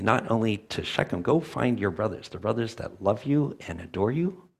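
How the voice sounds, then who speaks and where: A man's voice: on the low side, creaky, husky. A man preaching a sermon as a church elder, earnest and emphatic, often acting out quoted voices.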